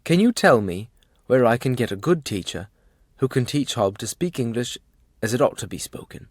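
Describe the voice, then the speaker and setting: A man reading an audiobook, voicing a plain-spoken, warm-hearted working man who tells his story earnestly. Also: medium pitch, sing-song, moderate pace, no room sound, studio quality.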